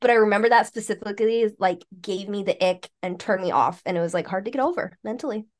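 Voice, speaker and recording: A woman's voice: medium pitch, fast talker. A young woman co-hosting a podcast, chatting casually and bluntly, laughing often. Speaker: podcast co-host. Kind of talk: casual chat.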